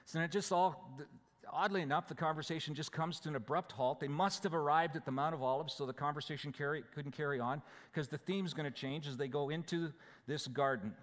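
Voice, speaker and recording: A man's voice: a little high, brisk. A man preaching a sermon as pastor, explaining scripture verse by verse in a conversational way. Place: church sanctuary. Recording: church hall with long reverb.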